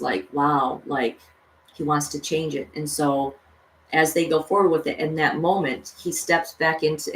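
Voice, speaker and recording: A woman's voice: low-pitched, a bit bright. A woman vlogger casually retelling a cartoon story, rambling with lots of fillers. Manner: rambling, full of "you know" and "like". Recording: echoey room, distant mic, faint noise.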